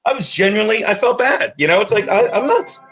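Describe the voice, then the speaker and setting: A man's voice: high voice, lively intonation, fast talker, a bit bright, faint music behind. A man co-hosting a casual livestream chat, telling a rambling story while he walks around a house on a phone call. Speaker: co-host of a livestream talk show. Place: walking around a house, indoors.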